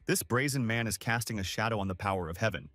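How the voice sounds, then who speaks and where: A man's voice: fairly low pitch, fast, a bit bright, no room sound, faint music behind, close to an everyday voice. A man voicing an angry, arrogant male caster who serves the heavens, speaking in haughty challenges. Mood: strained.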